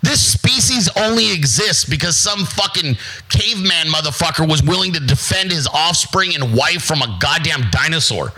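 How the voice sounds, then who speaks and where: A man's voice: a little high, bright, forceful tone, breathy edge, low-quality recording. A man hosting a show, delivering a blunt, crude, confrontational rant. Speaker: host. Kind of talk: profane ranting monologue.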